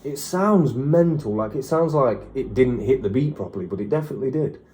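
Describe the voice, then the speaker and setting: A young British man doing a casual, excitable music reaction, chatty and slangy, with the odd swear. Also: mid-range voice, fairly quick, echoey room. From United Kingdom.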